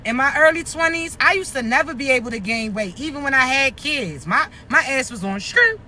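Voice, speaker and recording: A woman's voice: sits high, animated, brisk, pushed and bright. A woman in her thirties ranting bluntly to her followers in a casual vlog, swearing and firing rhetorical questions, a little out of breath, outdoors near traffic. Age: 30s. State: short of breath. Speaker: vlogger. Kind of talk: casual rant to camera.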